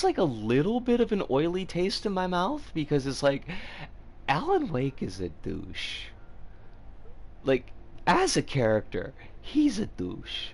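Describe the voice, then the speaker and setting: A man streaming a game and chatting casually with his viewers, rambling with frequent fillers. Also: medium pitch.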